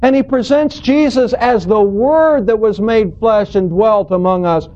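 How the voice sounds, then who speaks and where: A man's voice: high voice, unhurried, darkish tone. A man preaching a sermon as a pastor, teaching through scripture in an earnest, storytelling, emphatic way. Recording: dull lo-fi recording.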